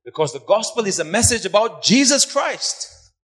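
A man preaching a sermon. He repeats words for emphasis and swings between hushed and loud delivery. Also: sits high, sing-song, normal speed. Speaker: pastor. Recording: long hall reverb.

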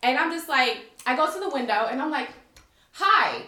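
A young American woman telling a story in animated casual chat, acting out quotes, swearing and laughing often. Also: high voice, fast. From United States. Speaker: storyteller guest. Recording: echoey room.

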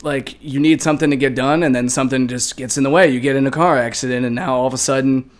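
A man's voice: mid-range voice, fairly even intonation, fast. A man co-hosting a podcast, chatting casually and often laughing. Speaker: podcast co-host.

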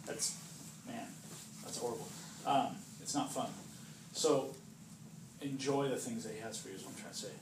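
A man's voice: mid-range voice, moderate pace, pauses often. A man giving an informal sermon to a small group, chatty and joking, asking "right?" often. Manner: chatty, jokes and acts out voices, asks "right?" often. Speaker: preacher. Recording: roomy distant recording with background noise.

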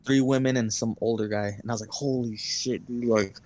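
A man's voice: medium pitch, fairly even intonation, a little fast, a little mellow. A young man co-hosting a podcast, telling long stories in casual chat, full of fillers and swearing. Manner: rambling storyteller, heavy swearing and fillers. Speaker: podcast co-host.

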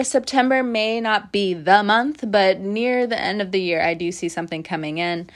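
A woman doing a casual tarot reading, animated and blunt, swearing freely and laughing at herself. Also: medium pitch, moderate pace, hardly any pauses. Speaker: tarot reader.

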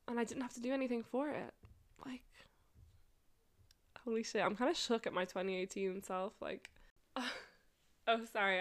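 Chatty young woman telling a story. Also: mid-range voice. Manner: chatty and animated, swearing, laughing often, many "like"s. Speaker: podcast host. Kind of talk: casual storytelling monologue.

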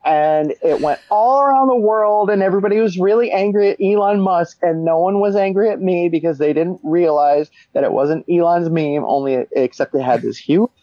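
A man's voice: sits high, moderate pace, hardly any pauses, dry recording, muffled recording. A man who runs a meme page, chatting casually on a video call in a blunt, joking way. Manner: blunt, jokey, acts out angry voices. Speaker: meme page admin and guest. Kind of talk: casual chat.

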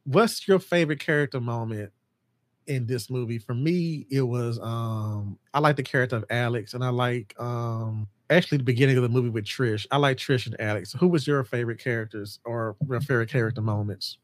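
A man hosting a casual podcast chat about horror films, excitable and jumping into high voices to act out scenes. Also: a little fast, no echo. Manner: animated, acts out scenes in a high mocking voice. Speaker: podcast host.

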